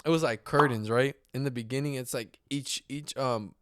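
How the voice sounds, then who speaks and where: A man in his twenties co-hosting a podcast, telling stories in an excitable, casual way and laughing along. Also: medium pitch, normal speed, smooth, no room sound, studio quality. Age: 20s. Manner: excitable, animated storytelling, laughs. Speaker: podcast co-host. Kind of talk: casual chat.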